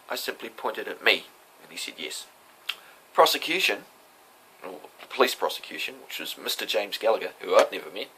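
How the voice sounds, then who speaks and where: Man, low-pitched, forceful, husky, defiant monologue, lecturing tone. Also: rough recording. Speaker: self-represented defendant recounting a court hearing. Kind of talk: casual spoken monologue.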